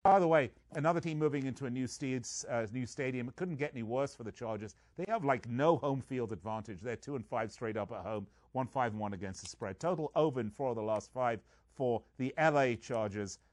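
A man's voice: medium pitch, fairly quick, a little mellow, no echo, clean studio sound. A man hosting a sports betting show, chatting casually with wisecracking jokes and playful sales patter. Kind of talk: casual podcast chat.

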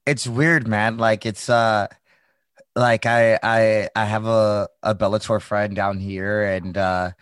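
A man's voice: on the low side, fairly even intonation, slow pace, a bit bright, clean tone, dry recording. A young man from the Midwest, a former fighter hosting a casual chat, rambling through stories with swearing and laughter. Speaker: podcast host, former fighter.

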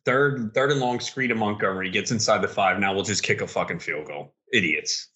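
A man co-hosting a casual podcast while watching a football game, excitable and profane, ranting at the referees. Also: lowish voice, a little fast. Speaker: podcast co-host.

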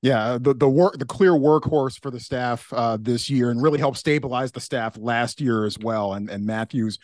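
A man's voice: mid-range voice, normal speed, a little mellow, no echo, clean studio sound. A man hosting a sports podcast, asking easygoing interview questions with a few filler uhs. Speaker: podcast host.

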